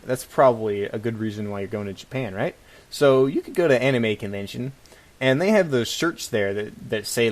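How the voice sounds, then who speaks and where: A man co-hosting a casual comedic talk show, reading listener questions and mocking them with frequent laughter. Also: medium pitch. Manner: wry, mocking, laughs often. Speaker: podcast co-host. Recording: faint music bed underneath.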